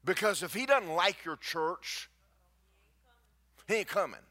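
A man preaching a sermon to his congregation, with folksy asides to the crowd and rising to near shouts at his peaks. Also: high-pitched, lively intonation, unhurried. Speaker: pastor. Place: church sanctuary.

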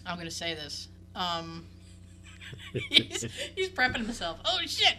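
A woman's voice: on the low side, sing-song, measured pace, pushed and bright, soft background music. A woman co-hosting a casual chat, candid and profane, laughing often.

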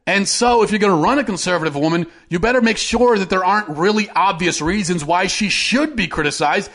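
A man's voice: high voice, fairly quick, few pauses, a bit bright. A man hosting an opinion commentary show, talking in a sarcastic, heated and mocking way. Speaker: host.

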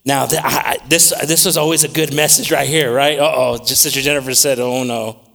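A man preaching a sermon, swinging between loud scripture reading and quiet, repetitive asides. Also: mid-range voice, fairly even intonation, fairly quick, gravelly. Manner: repeats words while searching for them.

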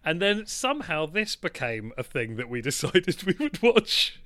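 A man co-hosting a podcast, telling a story in a casual, animated way, swearing and laughing as he goes. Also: fairly high pitch, moderate pace, dry recording. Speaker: podcast co-host.

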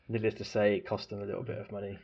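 A man's voice: fairly low pitch, breathy edge. A man in casual chat, speaking hesitantly with small chuckles. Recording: dull lo-fi sound.

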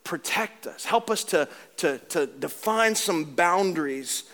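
A pastor preaching a sermon, animated and joking at times, then dropping into a low, earnest tone as he tells a story from his church. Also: slow.

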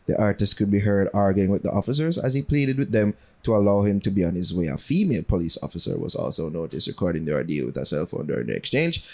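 A co-host, slipping patois into casual podcast banter and breaking into laughter often. When the news comes up, the delivery turns into steady reading. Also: sits low, quick pace, few pauses. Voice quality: Jamaican patois mixed into talk, laughs often.

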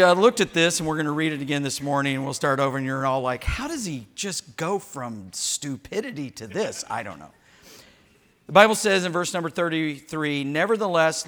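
An older man delivers a sermon with a bright, forward voice. He mixes jokes and family stories into the Bible teaching. He often acts out short quotes. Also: a little high. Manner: joking, storytelling preacher who acts out quotes. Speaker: pastor.

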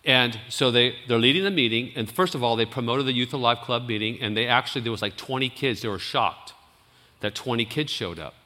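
A man who is a youth pastor, telling a story in a sermon, animated and rambling, with restarts and laughs. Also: mid-range voice, brisk, in a large hall.

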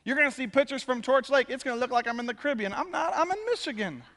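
A man, a pastor, giving a conversational and animated sermon to his congregation. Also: very high voice, big-room sound. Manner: conversational, animated preaching with quick asides. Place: church sanctuary.

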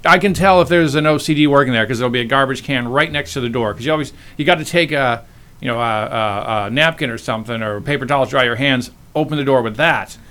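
A man's voice: medium pitch, fast, a bit bright, clean tone. A man, a stand-up comedian, chatting as a guest with dry, self-deprecating humor in short bits. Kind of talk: casual comedy chat.

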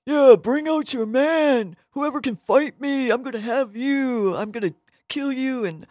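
A woman voicing a boastful, taunting giant warrior who shouts his jeers. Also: high voice, a little slow, no room sound, clean studio sound, voice pushed up. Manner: loud jeering shouts.

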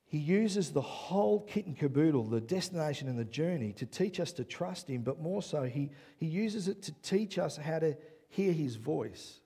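A man preaching a sermon as pastor, who often checks in with "yeah?" and builds to loud, excited passages. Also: on the high side, normal speed, slightly rough.

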